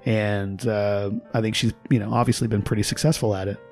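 A man from Texas, a linguist guest on a podcast, explaining his ideas in a measured, casual way, with faint music behind. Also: fairly low pitch, steady tone, darkish tone. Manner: explanatory, measured, laughs at his own examples. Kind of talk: casual conversation.

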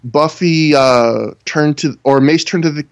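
A man's voice: on the high side, a little slow. A man co-hosting a podcast, chatting casually as he reviews a show, rambling and laughing often. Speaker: podcast co-host. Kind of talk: casual chat reviewing wrestling shows.

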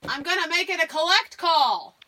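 A woman's voice: extremely high pitch, animated, normal speed, pushed and bright, exaggerated voice. An actress in a radio play voicing a playful woman who jokes and laughs about prayer.

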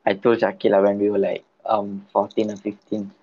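A man co-hosting a podcast in casual chat, hesitant and halting. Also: on the low side, completely flat delivery, warm tone, lo-fi sound. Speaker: podcast co-host.

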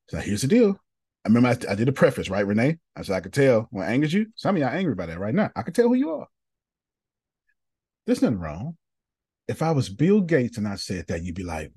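A man hosting a podcast, giving an animated motivational talk and calling on people in the room by name. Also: on the low side, husky, no echo, studio quality. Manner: preachy, animated, addresses listeners by name. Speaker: podcast host. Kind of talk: motivational talk to a live group.

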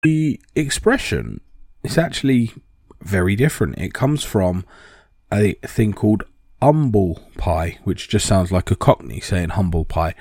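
A man's voice: low-pitched, very animated, unhurried, darkish tone, no room sound, studio quality. A man explaining in a casual, rambling talk with many ums and restarts.

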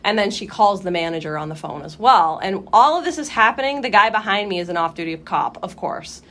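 A young woman co-hosting a podcast, telling a story in casual chat, animated, swearing freely and acting out her own reactions. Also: mid-range voice, brisk. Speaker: podcast co-host.

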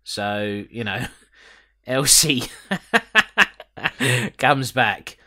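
A man's voice: medium pitch, sing-song, very slow, pushed and bright. A man hosting a casual podcast chat, joking, swearing and often laughing as he recaps an episode. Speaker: podcast host.

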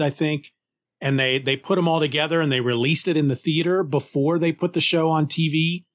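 A man talking casually as a podcast cohost, enthusiastic and lively, often restarting his sentences. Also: fairly high pitch. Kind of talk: casual conversation.

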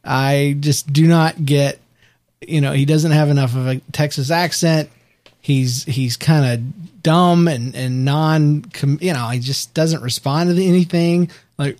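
A man co-hosting a casual show recap podcast, talking in a rambling, animated way with frequent restarts. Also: fairly high pitch, unhurried. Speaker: podcast co-host.

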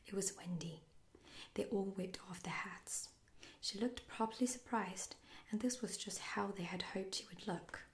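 Gravelly whispering woman, whispered role-play. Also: mid-range voice. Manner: soft-spoken, slow and soothing. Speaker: storyteller.

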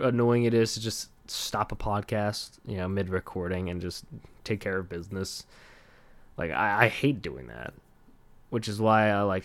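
A young man with a lowish, fairly bright voice hosts a casual solo podcast, recorded with no echo. He rambles, leans heavily on fillers, pokes fun at himself, and laughs often.

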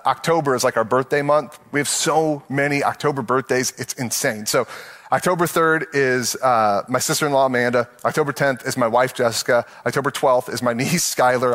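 A man's voice: mid-range voice, fairly bright tone. A male pastor preaching in a conversational, playful way, acting out everyday voices and laughing along. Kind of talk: sermon.

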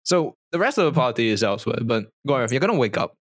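A man's voice: medium pitch, very animated, fast, dry recording. A man narrating as game master of a tabletop game, rambling and laughing often. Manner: rambling, many fillers and restarts, laughs often.

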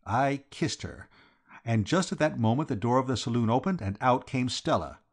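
A man voicing a frantic, rattled young gentleman in an audiobook reading. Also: mid-range voice, lively intonation, normal speed, husky. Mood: frantic, rueful.

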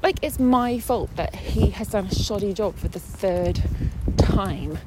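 A woman's voice: medium pitch, a little slow, heavy background noise. A young woman vlogging, telling her day in a chatty, sarcastic way. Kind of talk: casual chat.

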